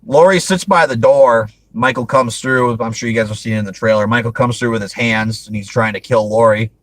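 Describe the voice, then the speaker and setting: Brief: male host, mid-pitched, dry close sound, chatty and rambling, laughs a lot. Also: brisk, dry recording, poor audio. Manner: rambling, laughs often, frequent restarts. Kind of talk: casual movie review chat.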